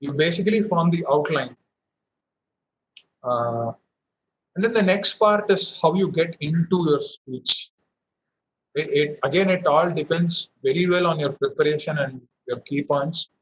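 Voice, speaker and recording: Young man coaching, slightly high voice. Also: a little slow, long pauses, slight background noise, rough recording. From India. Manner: explanatory, many fillers and restarts, demonstrates emphasis. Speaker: public speaking trainer. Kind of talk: online public speaking session. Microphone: headphones with mic.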